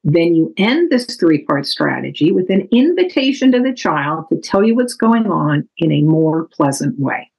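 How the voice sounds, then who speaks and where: A woman author giving a calm, measured, instructive talk that explains parenting strategies from her book. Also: on the low side, creaky, breathy edge, rough recording.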